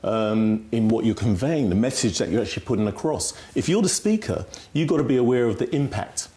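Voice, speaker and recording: Male expert, instructive talk-show guest, emphatic, mid pitch. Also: animated, fairly quick, mellow. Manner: instructive, emphatic, frequent "right?" tag questions. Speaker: communication skills guest expert.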